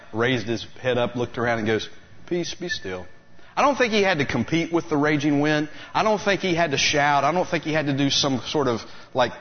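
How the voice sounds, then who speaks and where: A male preacher at mid pitch delivers a sermon in an animated storytelling way, acting out the people in his story. The recording sounds a little dull and lo-fi. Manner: animated storytelling, acts out voices of the disciples. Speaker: pastor.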